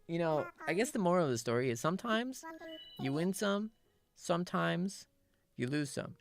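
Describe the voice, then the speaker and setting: Woman streamer just chatting, gravelly voice, rambly and self-mocking, pitch all over the place. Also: lively intonation, moderate pace. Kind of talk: casual chat while gaming.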